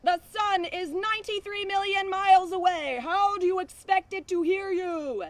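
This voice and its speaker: A woman voicing a big blunt bull in a read-aloud farm story, shouting and drawing out each word. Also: very high voice, dry recording, pitched above the performer's own voice. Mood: bellowing. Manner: shouting, drawn-out.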